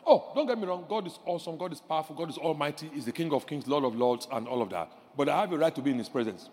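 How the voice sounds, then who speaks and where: Man, pastor, sermon, high voice, animated, acts out voices, hall reverb. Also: racing, hardly any pauses. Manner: animated, shouting decrees and acting out voices.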